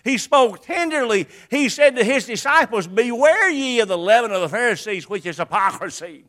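An older man preaches a sermon in a high, very lively voice. He swings between booming declarations and quiet, hushed asides, and he drops in folksy jokes along the way. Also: moderate pace. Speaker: pastor.

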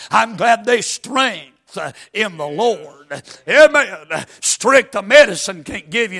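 A man preaching a fiery sermon, with a weak, worn voice, swinging from folksy asides into chanted, shouted climaxes. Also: sits high.

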